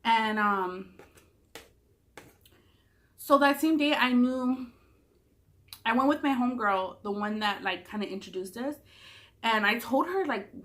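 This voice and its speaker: Young woman vlogger, Southern California accent, bright and fairly high voice, chatty storytelling full of swearing and acted-out quotes. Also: normal speed, pauses often. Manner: chatty, swears a lot, acts out quotes in a higher voice. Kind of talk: casual storytelling while eating.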